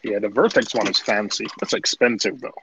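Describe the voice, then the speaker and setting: A man's voice: lowish voice, fairly quick. A man hosting a casual live stream chat, joking and laughing often. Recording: muffled stream audio with steady noise.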